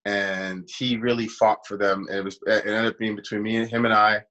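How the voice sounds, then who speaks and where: A man's voice: on the low side, flat delivery, brisk, sharp tone, lo-fi sound. A man, an actor, casually telling a long personal story in an interview and acting out the voices of people he quotes. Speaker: actor guest.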